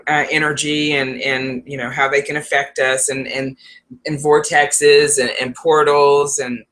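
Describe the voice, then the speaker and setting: A woman's voice: sits low, a bit bright. A woman psychic advisor talking to her viewers in a casual, rambling vlog, laughing often.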